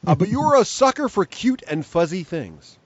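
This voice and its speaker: A man's voice: high voice, big pitch swings, normal speed, dry recording, muffled recording. A man hosting a podcast and running an improv role-play game, enthusiastic and laughing as he thinks aloud. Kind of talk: casual podcast chat.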